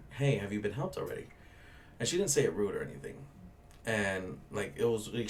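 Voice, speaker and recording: A young man rants about his bartending shift in a loose, foul-mouthed podcast style, blunt and exasperated. His voice sits a little low. A faint hum of ambience runs under the recording. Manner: blunt, ranting, swears freely. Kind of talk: casual profane storytelling.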